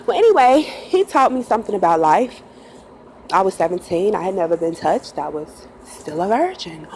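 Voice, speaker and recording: A woman's voice: mid-range voice, very animated, moderate pace, darkish tone, a little hiss or hum, rough recording. A woman who drives a bus, telling a personal story in a casual, chatty way, laughing often and acting out quotes. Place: in a bus at night.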